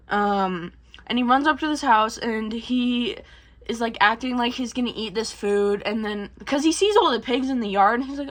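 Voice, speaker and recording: High-voiced woman rambling through a movie recap. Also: a bit bright. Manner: rambling, slangy, swears a lot. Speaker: vlogger.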